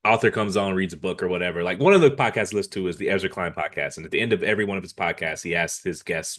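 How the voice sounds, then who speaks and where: Podcast co-host, man, low-pitched, blunt and easygoing, casual banter. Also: very fast, hardly any pauses, fairly bright tone. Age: adult, jokes about dating himself. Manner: laid-back, blunt, swears freely. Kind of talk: casual chat.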